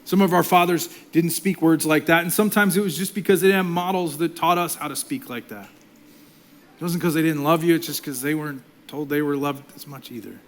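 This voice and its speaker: Man preaching, middle-aged, fairly high-pitched, loud then hushed. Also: brisk. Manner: impassioned, swings from loud to hushed whispers. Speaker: pastor. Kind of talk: sermon.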